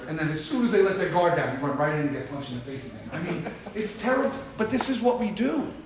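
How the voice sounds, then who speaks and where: A man's voice: sits high, very animated, fast. Emphatic man in an echoey room. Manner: emphatic, repeats for stress. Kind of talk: recovery group talk. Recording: echoey room from far off with hiss.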